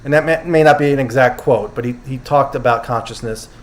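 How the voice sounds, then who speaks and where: A man's voice: medium pitch, fairly quick. A man hosting a casual livestream, recapping a conference and taking questions from his audience. He loosely paraphrases what speakers said and often corrects himself. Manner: chatty, quotes speakers loosely, self-correcting. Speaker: host summarizing a conference.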